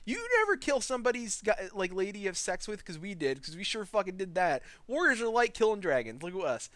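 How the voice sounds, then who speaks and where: A man with a high voice runs through a game's story in a loose, swear-heavy rant, laughing as he goes. His voice is dry and close, with no room sound. He talks as a podcast host chatting with friends. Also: a little fast, dry recording. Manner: profane, rambling, laughs often; animated storytelling. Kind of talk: casual gaming podcast rant.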